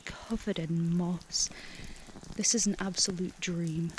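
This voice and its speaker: A young woman, the hiking vlogger, talking casually to her handheld camera on a misty woodland trail outdoors, gushing and excitable, often laughing and dropping to hushed murmurs. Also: fairly low pitch, slow, a little hiss or hum. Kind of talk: casual vlog narration while hiking.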